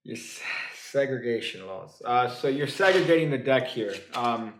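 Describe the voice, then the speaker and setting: A man's voice: medium pitch, lively intonation, echoey room. A man teaching a card trick in a casual, comic way. He stumbles over his words with many fillers and restarts, and he drops dry jokes as asides. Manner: halting, full of fillers and restarts. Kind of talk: casual comedic tutorial.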